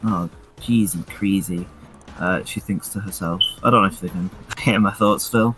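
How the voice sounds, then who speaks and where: A man's voice: deep voice, moderate pace, music in the background. A man playing in a tabletop game, hesitantly talking through his moves. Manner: hesitant, filler-heavy planning. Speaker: player.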